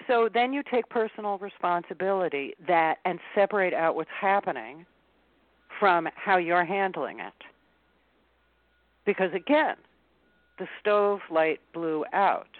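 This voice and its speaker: A woman speaking as a guest coach in an interview, animated, acting out a panicked inner voice with big pitch jumps. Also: no echo. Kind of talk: interview conversation. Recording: tinny phone-line sound.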